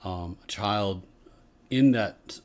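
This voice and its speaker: A man co-hosting a podcast, explaining ideas in a measured, calm way during a casual discussion. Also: fairly low pitch. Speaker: podcast co-host.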